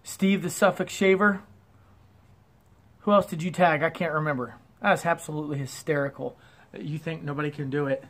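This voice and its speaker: A wet shaving YouTuber with an Ohio accent speaks in a highish, fairly bright voice with a steady tone and moderate pace. Chatty and self-deprecating, he gives a casual shaving review out on his home porch.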